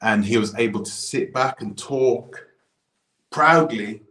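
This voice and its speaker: Animated man in a roomy echo. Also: medium pitch, takes it slowly. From United Kingdom. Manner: animated, frequent restarts and asides. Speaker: commentator. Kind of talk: casual opinion monologue.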